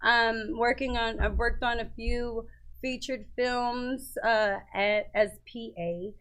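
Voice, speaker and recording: Young woman guest, bright higher voice. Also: fairly even intonation, slow. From New Orleans. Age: young adult. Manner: easygoing, hesitant fillers. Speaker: guest, media worker. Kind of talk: casual radio interview.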